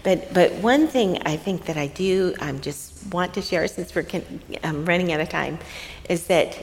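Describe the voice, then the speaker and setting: A middle-aged woman co-hosting a faith-based talk, telling a parenting story in a lively way, laughing often and dropping to a soft voice when she quotes someone. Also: fairly low pitch, normal speed. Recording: reverberant room with faint hiss.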